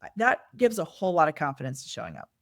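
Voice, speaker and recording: Deep-voiced and quick, with huge swings in pitch, this middle-aged podcast guest, who works as a nonprofit fundraising consultant, shares personal stories openly and thoughtfully. She performs quoted dialogue, and the studio-quality recording is dry.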